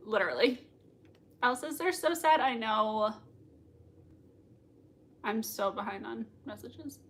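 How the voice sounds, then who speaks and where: A woman hosting a live reaction stream from home, her voice sharp, bright and pitched a little high. She gushes over what she watches and breaks into laughter often. She reads viewer comments aloud in a quick, excitable chat. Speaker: livestream reaction host.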